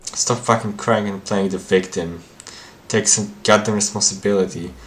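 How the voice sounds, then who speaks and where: A man's voice: lowish voice, steady tone, moderate pace, close to an everyday voice. A man doing a furious, swearing accuser. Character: furious accusing student, harsh and blaming.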